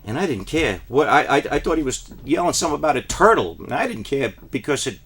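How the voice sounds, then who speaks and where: A man from New Jersey telling a deadpan parody monologue, rambling and then rising into frantic, high-pitched pleas. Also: quick pace, husky. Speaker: comic storyteller.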